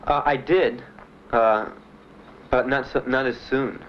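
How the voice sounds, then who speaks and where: A young man giving halting, plain spoken testimony as a war veteran, with many pauses and fillers. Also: mid-range voice, steady tone. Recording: muffled 1970s archive recording with faint hiss.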